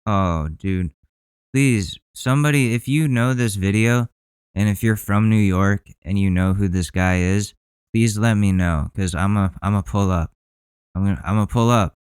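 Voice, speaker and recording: A man's voice: fairly low pitch, normal speed, a little mellow, clear, resonant tone, no echo. A male podcast host ranting heatedly in profane commentary.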